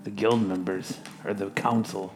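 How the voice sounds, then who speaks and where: A man player voicing suspicion in a measured way during tabletop play. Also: lowish voice, steady tone, faint music behind.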